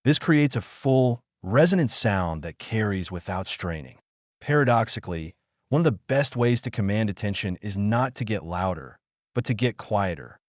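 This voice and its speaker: Lively, low-voiced male audiobook narrator. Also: dry recording, studio quality. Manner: emphatic, measured instructional delivery.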